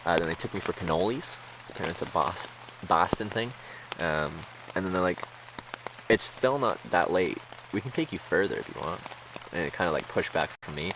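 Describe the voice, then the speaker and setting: A man's voice: low voice, animated, a little fast, noisy background. A man streaming, telling a story to his chat in a rambling, casual way with lots of fillers and laughs.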